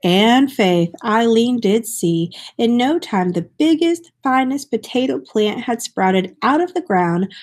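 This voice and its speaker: A woman's voice: a little high, slow, hardly any pauses. A woman reading a folk tale aloud, stopping now and then to explain what is happening in the story. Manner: expressive, explains the story as she goes.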